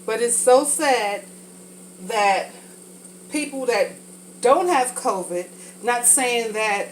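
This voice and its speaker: A woman's voice: fairly high pitch, expressive, slow, a little hiss or hum, rough recording. A woman talking casually and frankly while cooking for a vlog, rambling from thought to thought, a little congested from a sinus infection. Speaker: vlogger.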